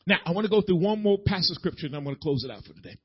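Husky high-pitched pastor preaching to his congregation, muffled lo-fi sound. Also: lively intonation, racing. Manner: folksy, emphatic preaching that addresses the congregation directly. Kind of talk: sermon. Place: church sanctuary.

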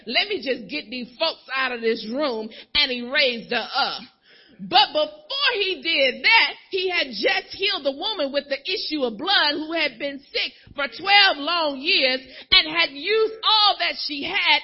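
A woman preaching a sermon with impassioned swings from shouting to hushed pleas and a repetitive, rhythmic cadence. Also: high-pitched. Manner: repetitive call-and-response cadence. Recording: dull lo-fi recording.

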